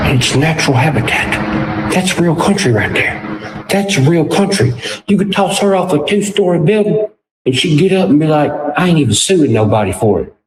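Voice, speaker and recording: A man, a podcast guest telling casual stories and acting out what people said. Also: medium pitch. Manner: animated, acts out other people's lines in quotes. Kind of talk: casual storytelling. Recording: roomy with clear background noise.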